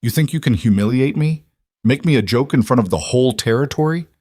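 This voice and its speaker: A man's voice: medium pitch, animated, a little fast, warm tone, no room sound, studio quality, pitched above the performer's own voice, lightly acted. A man voicing a ruthless young male outlaw with a snarling, contemptuous way of talking, in a scripted story reading. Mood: menacing.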